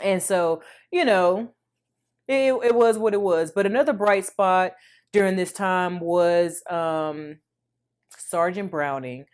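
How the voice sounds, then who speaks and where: A woman in her thirties vlogging, telling an emotional personal story in a chatty, animated way and speaking to viewers as y'all. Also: lowish voice, takes it slowly, clear, resonant tone.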